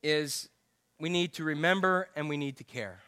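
A man's voice: fairly high pitch, normal speed, sharp tone, clear, resonant tone. A man pastor preaching an earnest, conversational sermon.

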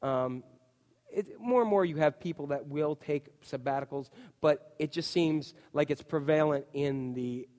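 A man preaching a chatty, animated sermon as a pastor, full of asides and "you know". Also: on the high side, unhurried. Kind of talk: conversational sermon. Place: church. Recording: long reverb of a church hall.

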